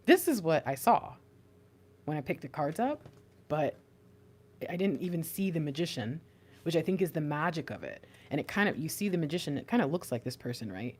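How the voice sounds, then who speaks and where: Young woman doing a tarot reading, low voice, rambly and excited. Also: brisk. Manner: rambling, excitable, breaks into laughs. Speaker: tarot reader.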